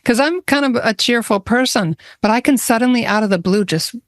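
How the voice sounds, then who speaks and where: A woman's voice: on the high side, fairly quick, dry recording, clean studio sound. A woman hosting a podcast interview, responding with affirming comments and friendly questions. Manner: warmly responsive, affirming backchannels. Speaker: podcast host. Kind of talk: casual interview chat.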